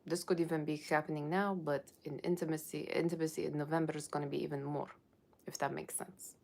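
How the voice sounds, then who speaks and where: A woman's voice: deep voice, flat delivery, quick pace, gravelly, darkish tone. A woman voicing a brash, sassy fortune-teller with a put-on Russian accent, giving a blunt tarot reading with teasing asides to viewers. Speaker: tarot reader. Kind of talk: Halloween tarot reading in character.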